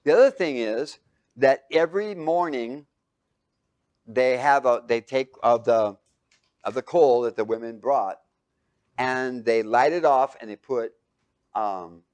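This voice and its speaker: A man teaching a bible lesson to a live group, quizzing them with fill-in-the-blank questions and swinging between loud and hushed. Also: mid-range voice, measured pace, pauses often. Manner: asks the audience fill-in questions. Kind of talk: sermon.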